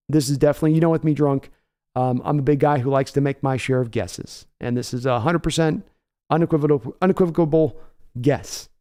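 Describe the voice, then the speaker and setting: A man's voice: fairly high pitch, brisk, dark tone. A man hosting a live stream, chatting in a rambling way and reading donor messages aloud. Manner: rambling, chatty, reads donations. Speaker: host. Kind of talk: live stream reaction chat.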